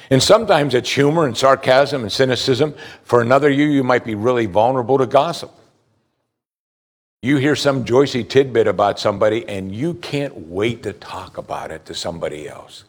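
A male pastor delivers a sermon in a plain, conversational voice of ordinary pitch. He talks the way he would to a friend, often repeating a word as he starts a thought. He keeps asking the congregation pointed questions. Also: lively intonation, moderate pace. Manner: conversational preaching, asks the congregation direct questions.

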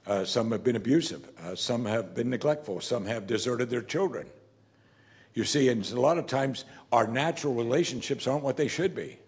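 A man's voice: medium pitch, moderate pace, a little mellow. A man preaching a sermon in a conversational way, asking the congregation rhetorical questions and acting out scripture quotes. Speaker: pastor.

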